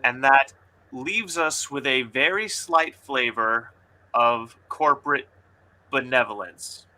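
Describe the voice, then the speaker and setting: Bright-voiced man hosting a book critique. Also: medium pitch. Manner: laughing, playful critique with dramatic pauses. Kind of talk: casual chat and reading aloud.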